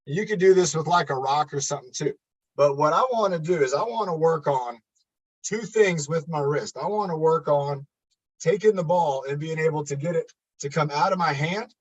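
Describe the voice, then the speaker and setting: Pria pelatih kebugaran yang ceria dan bersuara serak. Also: male voice, fairly high pitch, normal speed, slightly rough, lo-fi sound. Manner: upbeat, chatty, talks to viewers and counts reps. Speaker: fitness coach. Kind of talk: live online exercise class. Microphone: computer webcam.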